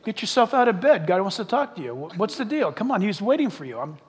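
A small talking pet dog with a hushed, coaxing, insistent manner, put on by a man. The voice sits quiet and low next to his usual speech. A long reverb hangs behind it, as in a large hall. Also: sing-song, fast talker, slight background noise.

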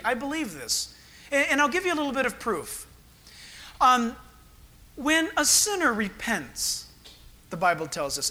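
A man's voice: very high voice, pushed and bright. A man, a pastor preaching a sermon, telling stories with acted-out voices and laughter.

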